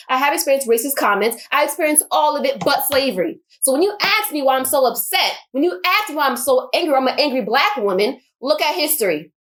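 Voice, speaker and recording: A woman's voice: high-pitched, fairly bright tone. A woman giving an impassioned personal monologue, emphatic and repeating her points for force. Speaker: vlogger.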